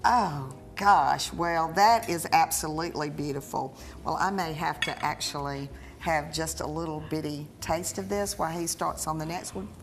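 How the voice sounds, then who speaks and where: A woman's voice: deep voice, moderate pace, hardly any pauses, slight background noise. A woman hosting a cooking show in a studio kitchen, gushing with praise as she tastes and talks.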